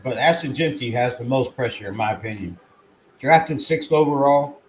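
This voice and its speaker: A man hosting his own fan channel, giving casual sports commentary in an excitable, rambling way with plenty of swearing, at times talking while chewing. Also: medium pitch, moderate pace, a little hiss or hum, poor audio. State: chewing food.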